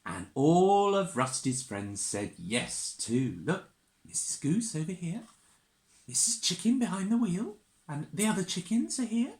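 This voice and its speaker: Slow, lively woman reading a children's story. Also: on the low side. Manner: animated, sing-song, asks the listeners questions; makes animal noises and gasps. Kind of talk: reading a picture book to young children. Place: church. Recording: roomy church echo.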